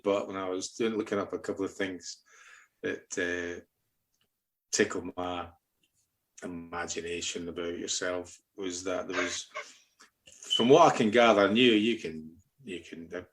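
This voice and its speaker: A Scottish man hosting a casual podcast, asking a rambling, teasing question full of fillers and restarts. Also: deep voice. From Scotland. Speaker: podcast co-host.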